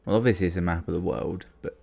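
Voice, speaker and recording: Deep gravelly guy rambling over a game, wry asides. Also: fairly even intonation, quick pace, mellow, faint music behind. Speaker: let's play host. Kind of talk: casual game commentary.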